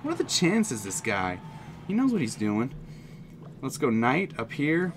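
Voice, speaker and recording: Excitable man commentating a mobile game. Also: mid-range voice, unhurried, faint music behind. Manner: excitable, jokey, talks to viewers as "people". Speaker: gaming channel host. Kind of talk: live gameplay commentary.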